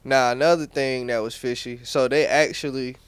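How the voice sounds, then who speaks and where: Young male podcast host, North Carolina accent, casual profane commentary, clear voice, mid pitch. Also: steady tone, moderate pace, no echo. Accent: Southern US, North Carolina. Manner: blunt, slangy, profane, loose restarts.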